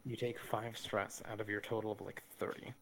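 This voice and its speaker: A man's voice: fairly low pitch, level tone, fairly quick, vocal fry, slight background noise, poor audio. A man running a tabletop role-playing game as game master, explaining rules and describing events casually.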